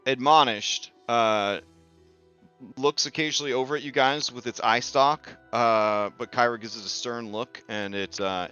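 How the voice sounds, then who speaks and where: A man narrating a tabletop game as its game master, easygoing and profane. His voice is bright and clean. The recording is a little dull, with soft music underneath. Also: mid-range voice, clean tone. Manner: casual, swears freely, quick asides.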